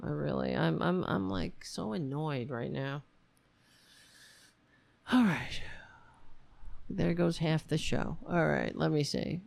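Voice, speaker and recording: A frustrated woman hosts her show from a room at home, rambling and swearing as she talks. Her voice is low and gravelly, and she speaks slowly. The sound is dry and close. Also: a little mellow, no room sound. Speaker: show host. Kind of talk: casual livestream chat.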